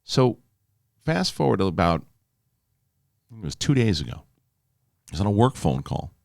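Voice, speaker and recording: A middle-aged man hosting a casual solo show, telling stories with lively, animated delivery and reading a sponsor spot. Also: lowish voice, measured pace, vocal fry, no echo, clean studio sound. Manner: animated storytelling, yelling in quoted outbursts. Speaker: host.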